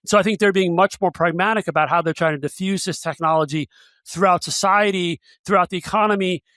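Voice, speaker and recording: High-voiced middle-aged male guest. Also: fairly quick, sharp tone, no echo, studio quality. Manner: hesitant, restarting sentences. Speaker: guest analyst. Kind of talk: casual interview chat.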